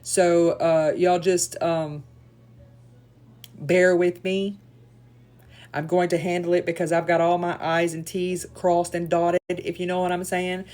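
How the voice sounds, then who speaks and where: A woman's voice: lowish voice, little pitch movement, unhurried, darkish tone. A woman hosting a live stream, blunt and taking charge. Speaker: livestream host.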